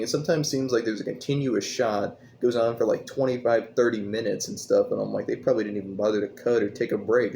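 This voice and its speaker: Casting note: a man doing a low-pitched, scornful, rambling movie rant over a faint hum. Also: a little mellow. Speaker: movie reviewer. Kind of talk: casual rant.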